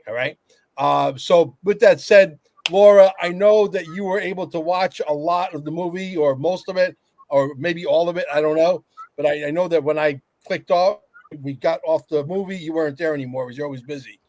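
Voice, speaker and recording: A chatty man hosting a roundtable podcast. His voice sits a little high and sounds dry and close. He talks with eager, upbeat energy. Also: no echo. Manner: chatty, enthusiastic, self-promoting. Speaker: podcast host. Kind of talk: casual roundtable chat.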